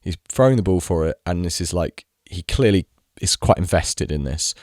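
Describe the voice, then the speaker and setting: Young man, deep low voice, exasperated casual rant, swearing, dry close sound. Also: animated, moderate pace, darkish tone, dry recording. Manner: exasperated, swears freely, mimics people mockingly. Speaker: video creator. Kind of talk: casual ranting monologue.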